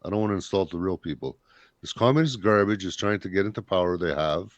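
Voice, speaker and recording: A man's voice: sits low, fast talker, no room sound, highs cut off. A man from Canada hosting a casual talk show, blunt and rambling in his opinions. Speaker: podcast host. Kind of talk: casual chat.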